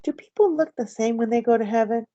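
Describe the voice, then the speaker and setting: A hushed, grieving little boy, as a woman reads him. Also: fairly high pitch, quick pace, no echo, natural voice. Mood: hushed, sad. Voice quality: soft, hushed. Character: gentle, sad young boy, grieving. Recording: slightly dull, dry recording.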